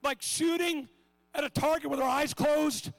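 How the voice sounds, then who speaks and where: A middle-aged man preaching a sermon with passion, swinging between shouts and hushed asides. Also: very high-pitched, steady tone, normal speed, no room sound.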